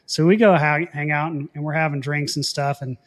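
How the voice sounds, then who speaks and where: Laughing man, lively higher voice. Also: fairly quick. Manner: animated, laughs often, many restarts. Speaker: guest; former Air Force pilot. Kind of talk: casual storytelling.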